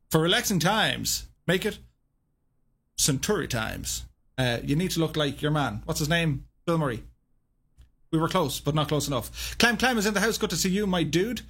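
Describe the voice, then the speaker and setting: A man's voice: on the high side, brisk, fairly bright tone, slightly rough. A man hosting a live stream, reading out chat greetings in an upbeat, chummy way and chuckling often.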